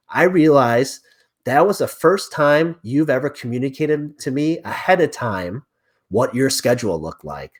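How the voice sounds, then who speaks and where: A man in his thirties talks through a personal story as an interview guest. He is animated, jumping into the voices of the people he quotes, and his voice sits at an ordinary middle pitch. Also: measured pace. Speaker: real estate agent, podcast guest.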